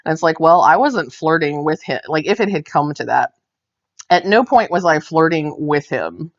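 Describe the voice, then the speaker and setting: A woman's voice: low-pitched, expressive, normal speed. A woman knitting vlogger telling a story in casual chat while she knits on camera. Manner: chatty, tells anecdotes while knitting on camera. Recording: dull lo-fi sound.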